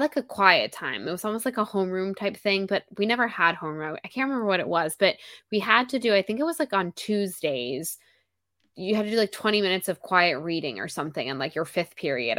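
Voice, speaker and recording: A woman's voice: lowish voice, bright, forceful tone, dry recording, studio quality. A woman in her thirties co-hosting a book podcast, gushing and laughing as she tells stories in casual chat.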